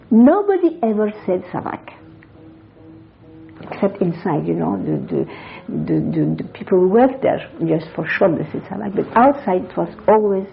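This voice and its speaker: A woman's voice: on the low side, vocal fry. An older woman from Iran gives an oral history interview. She tells her memories in a conversational, digressive way and often corrects herself. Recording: dull lo-fi 1980s interview tape.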